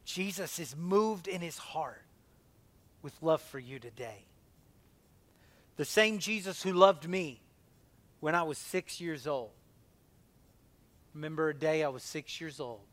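A man in his forties preaching a sermon, impassioned, swinging between loud emphasis and a hushed near-whisper. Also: a little high, expressive, measured pace, long pauses. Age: 40s.

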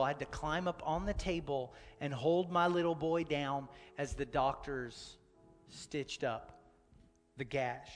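A man in his thirties preaching a sermon as a pastor, telling a personal story and swinging from loud urgency to a soft, near-whispered hush. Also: a little high, long reverb tail.

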